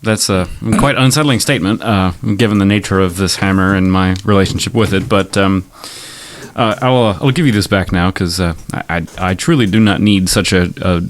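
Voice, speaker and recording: A man's voice: low-pitched, fairly quick, lightly acted. A man playing a stiffly polite, wordy oddball adventurer. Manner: formal, stilted, hesitant wording. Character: odd formal creature adventurer, polite and wordy.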